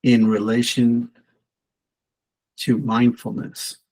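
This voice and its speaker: A man's voice: medium pitch, level tone, takes it slowly, a little mellow, low-quality recording. A man talking as a podcast guest, telling reflective stories in an earnest, conversational way. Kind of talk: storytelling in casual conversation.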